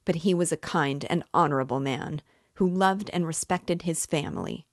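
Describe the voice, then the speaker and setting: Brief: a haughty, bitter widow hostess, low-voiced and indignant, with a dry, close sound, read by a woman narrating a novel aloud. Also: moderate pace, no echo. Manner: haughty and indignant, raising her voice.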